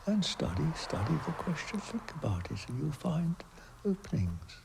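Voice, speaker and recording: A man speaking in a reflective interview, slow and hesitant with many pauses, his phrases trailing off into a breathy near-whisper. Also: fairly high pitch, big pitch swings, background noise. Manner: thoughtful, with many pauses and fillers.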